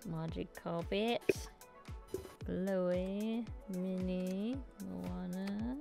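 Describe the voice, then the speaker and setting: A woman's voice: fairly low pitch, steady tone, very slow, vocal fry, mellow, soft background music. A woman hosting a casual card-unboxing video, laughing often and listing the card names as she opens packs. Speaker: card-opening channel host.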